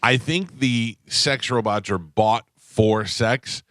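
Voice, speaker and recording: A man's voice: mid-range voice, slow pace, fairly bright tone, no room sound. A man hosting a radio show in casual studio banter, rambling and joking. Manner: rambling, joking, drops into mock voices for quotes. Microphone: studio microphone. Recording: dry studio sound.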